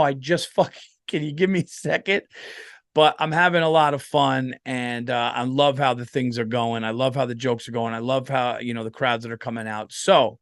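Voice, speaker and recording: A man's voice: mid-range voice, little pitch movement, brisk, no room sound, studio quality. A tired man hosting a comedy podcast, rambling and swearing freely in a casual monologue. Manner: profane, rambling, lots of fillers.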